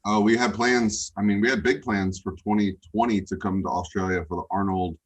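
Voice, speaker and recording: A man speaking as a podcast guest over a remote call, relaxed and rambling with lots of fillers. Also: on the low side, a little fast, husky. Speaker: guest coach. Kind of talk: casual interview chat.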